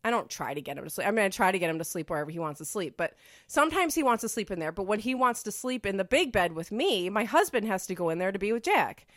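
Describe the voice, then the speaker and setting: A woman hosts a podcast from home, wandering through her story in loose, filler-heavy casual chat. Her voice sits at an ordinary middle pitch. The recording is close and dry, with no room sound. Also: animated, fast, fairly bright tone, dry recording. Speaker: podcast host.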